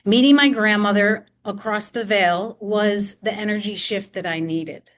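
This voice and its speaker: A woman speaks to an audience in a library, telling her own story. She acts out the quoted voices as she goes, and her pitch sits in a middle range. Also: measured pace. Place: public library talk before a live audience.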